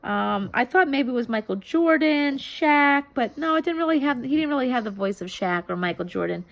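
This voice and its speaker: A woman in her thirties talks casually to camera, reviewing a TV episode. Her voice sits a little high, and she rambles, filling gaps with ums and starting phrases over. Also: expressive, moderate pace, vocal fry. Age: 30s. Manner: rambling, many ums and restarts. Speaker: vlogger reviewing a TV show. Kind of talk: casual chat.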